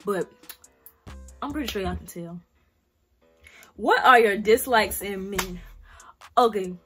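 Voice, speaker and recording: A woman's voice: medium pitch, takes it slowly, a bit bright, soft background music. A young woman in her late teens with a South Carolina accent, answering Q&A questions in a blunt, slangy vlog where she swears freely. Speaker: vlogger. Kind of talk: casual Q&A vlog.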